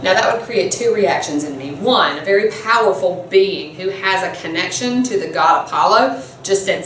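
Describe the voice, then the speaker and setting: A woman teacher telling a myth to her class in a chatty, animated storytelling lesson, often laughing. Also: mid-range voice, moderate pace, a little hiss or hum. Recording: echoey room, mic far off.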